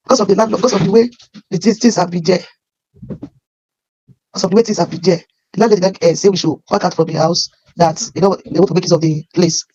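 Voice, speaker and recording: A woman with a Nigerian accent telling her life story as emotional personal testimony, halting and often repeating her phrases. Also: on the low side, steady tone, mellow, husky, highs cut off.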